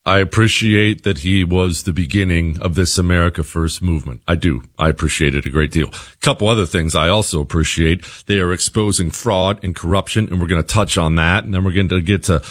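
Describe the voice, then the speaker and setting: A man's voice: sits low, a little fast, few pauses. Emphatic male radio host. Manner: emphatic, repeats phrases for stress. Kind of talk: opinion radio monologue.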